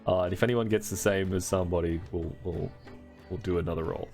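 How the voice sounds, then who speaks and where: A man narrating a tabletop game as game master, relaxed and full of fillers. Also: low-pitched, a little fast, faint music behind.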